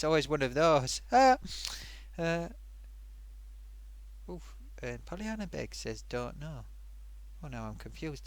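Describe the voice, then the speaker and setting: A man hosts a live stream in a rambling, chatty way, amused at himself as he reads out viewer comments and fills the gaps with plenty of fillers. His voice is fairly high, and there's no room sound at all. It's casual live-stream chat.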